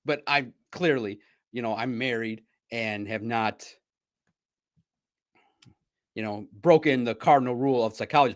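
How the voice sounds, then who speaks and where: A man's voice: medium pitch, lively intonation, normal speed, fairly bright tone. A man hosting a casual sports livestream, rambling and self-deprecating, often laughing at himself. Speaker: sports podcast host and reporter.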